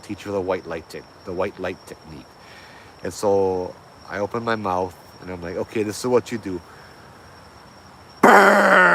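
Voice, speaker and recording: A man casually retelling a ghost hunting story, loose and animated, full of slang and fillers. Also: fairly low pitch, slight background noise. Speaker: host telling a ghost story.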